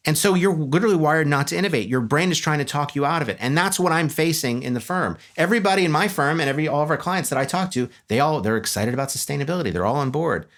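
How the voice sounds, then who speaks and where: A man giving a humorous, animated conference talk on a stage before an audience. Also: fairly high pitch, fast, hardly any pauses. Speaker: speaker.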